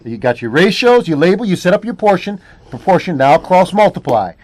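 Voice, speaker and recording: A man's voice: sits high, sing-song, brisk, dry recording. A male math teacher working through a word problem step by step, often repeating phrases and checking in with "all right?". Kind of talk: classroom lesson walking through a problem.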